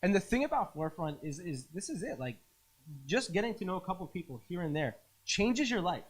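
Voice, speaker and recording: A man's voice: sits high, sing-song, a little fast. Earnest, rambling male pastor. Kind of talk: heartfelt fundraising appeal. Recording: live virtual gala stream.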